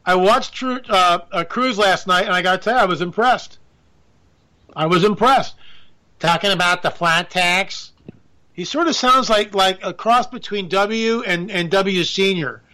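A man holds forth in a sarcastic, rambling political monologue. His voice sits high and bright, with a sharp edge as he piles on asides and mock disbelief. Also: unhurried. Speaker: political commentator. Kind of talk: opinionated monologue.

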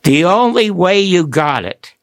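Gravelly older man telling stories. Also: sits high, unhurried, dry recording. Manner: animated, rambling storyteller. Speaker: guest author. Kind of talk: storytelling interview.

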